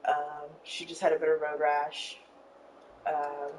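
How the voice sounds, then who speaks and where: Young woman streamer, low voice, rambling casual storyteller, recorded from a distance with faint background noise. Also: monotone, takes it slowly, a little mellow. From Arizona. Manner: rambling, many fillers, emotional retelling. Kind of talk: casual storytelling while gaming.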